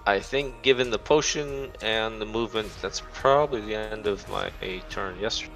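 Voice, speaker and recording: A man's voice: lowish voice, normal speed, a bit bright, faint music behind. A man chatting casually as a player in a tabletop game, often cutting in. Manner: casual, talks over others.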